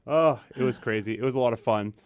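A man's voice: mid-range voice, fast talker. A man co-hosting a casual podcast, telling stories with energy and acting out what others said. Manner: animated storytelling, acts out quotes. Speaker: podcast co-host. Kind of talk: casual chat.

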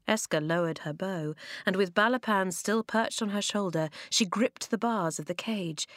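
An audiobook narrator, a woman with a medium-pitched voice, reads a children's storybook in a measured, expressive way. The scripted narration has clean studio sound with no echo.

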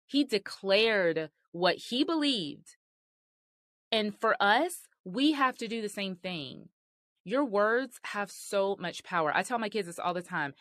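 A woman's voice: medium pitch, lively intonation, slow pace, a bit bright, dry recording. A woman host giving sermon-style marriage teaching, earnest and emphatic in a conversational way.

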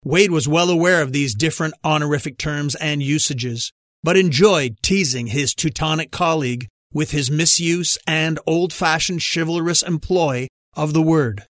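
Male audiobook narrator: measured scripted read, slightly high voice, dead-dry close mic. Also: a bit bright, dry recording.

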